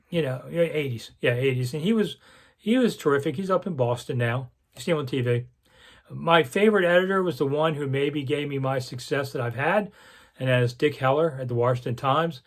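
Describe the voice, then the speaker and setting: A man in his sixties, a longtime sports columnist, reminiscing to camera in a casual, rambling way with lots of asides. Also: fairly high pitch. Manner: rambling storyteller with frequent asides and self-corrections. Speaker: sports columnist hosting his own channel.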